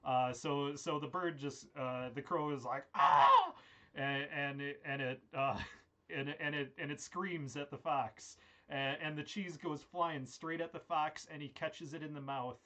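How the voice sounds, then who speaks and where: A man's voice: a little high, unhurried. Young man rambling through a silly tale. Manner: rambling, with many "uh" fillers and restarts, deadpan silliness. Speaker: improv performer. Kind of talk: improvised comic storytelling. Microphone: video call.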